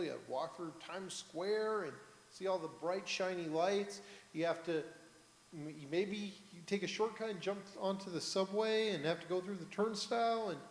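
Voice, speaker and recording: A man's voice: fairly high pitch, vocal fry, a little hiss or hum. A man, a rabbi, giving a storytelling sermon from the bima and asking the congregation questions. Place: synagogue sanctuary, on the bima. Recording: echoey hall, roomy reverb.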